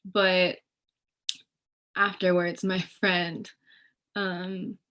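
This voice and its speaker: A woman's voice: lowish voice, extremely slow. A young woman, a student guest on a panel, telling a personal story in casual speech and acting out other people's voices. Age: young adult. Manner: animated, acts out others' voices in quotes.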